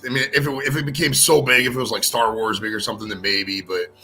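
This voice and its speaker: Fast, bright-voiced ranting man. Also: lowish voice, soft background music. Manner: crude, ranting, animated. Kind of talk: casual chat over whisky.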